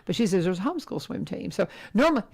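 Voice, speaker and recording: Chatty woman radio host, gravelly. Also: mid-range voice, fast. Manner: chatty, animated, laughs often. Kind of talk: casual radio chat.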